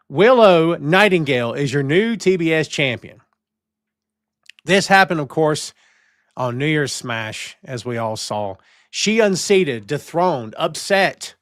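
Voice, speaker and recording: A man's voice: on the high side, fairly bright tone, no room sound, clean studio sound. A man hosting a live-streamed wrestling podcast, talking in a playful, theatrical way and greeting chat viewers. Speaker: podcast host.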